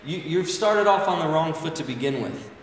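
A man's voice: fairly high pitch, animated, moderate pace. A man preaching a sermon in a conversational way, often asking the congregation "right?", with listeners calling back. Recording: echoey hall, voice from far off.

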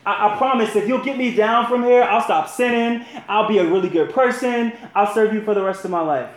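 A man's voice: fairly high pitch, expressive, normal speed, lightly acted. A man voicing a panicked man hanging from a cliff, pleading in a raised voice, in a roomy space.

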